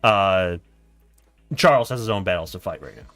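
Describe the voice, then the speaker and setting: A man narrating a story in a board game on a stream, laughing and animated. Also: sits low, normal speed, faint music behind.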